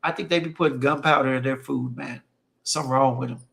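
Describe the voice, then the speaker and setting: A man's voice: mid-range voice, steady tone, quick pace, vocal fry, fairly bright tone. A man hosting a stream, telling casual stories in an emphatic way and often repeating phrases for effect. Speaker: livestream host reading chat. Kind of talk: casual storytelling chat.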